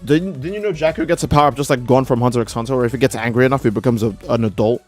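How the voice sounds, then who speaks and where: A man's voice: medium pitch, rapid-fire. Young man, game streamer, casual joking commentary, swears a lot, faint music behind. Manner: rambling, profane, joking. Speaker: gaming streamer.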